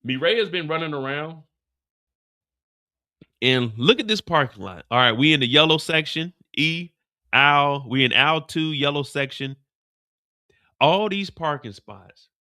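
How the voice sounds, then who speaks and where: A man hosts a live recap of an episode, telling the story with lots of energy and breaking into voices and sound effects. His voice is high and bright, with wide, lively swings in pitch. The recording sounds dry and close. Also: moderate pace, no echo. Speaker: show recap host. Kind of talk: animated live show recap.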